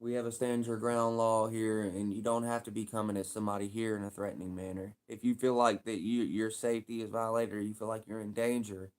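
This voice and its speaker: A man's voice: on the low side, flat delivery, fairly quick, hardly any pauses, darkish tone, clean tone. A young man with a Louisville, Kentucky accent, talking casually on his livestream in a rambling, repetitive way full of street slang.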